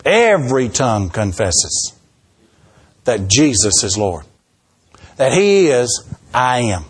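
A man's voice: medium pitch, takes it slowly, breathy edge. A man preaching a sermon, telling stories animatedly and acting out the quotes. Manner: animated storytelling, acts out quotes.

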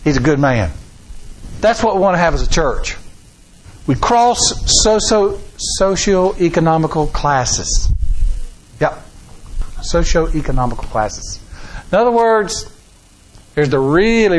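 A middle-aged man, preaching a sermon in a folksy, animated way with rising emphasis. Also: a little high, normal speed, slight background noise, poor audio. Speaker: pastor.

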